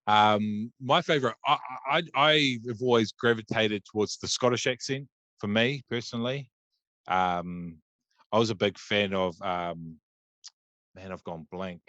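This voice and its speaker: A man's voice: fairly low pitch, unhurried, a bit bright, dry recording. Rambling New man hosting a podcast. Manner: rambling, many ums and restarts. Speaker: podcast host. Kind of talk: casual interview chat. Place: Auckland, New Zealand.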